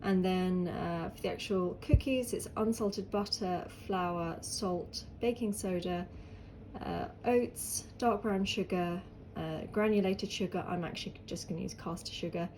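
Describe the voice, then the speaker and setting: A woman with a British accent chats her way through a baking vlog. Her voice is dark and mellow, roughened by hay fever, and she rambles comfortably between steps. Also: lowish voice, measured pace, a little hiss or hum. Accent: British English. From England. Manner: chatty and rambling, lots of ums. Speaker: home baker vlogger. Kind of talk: casual baking vlog chat.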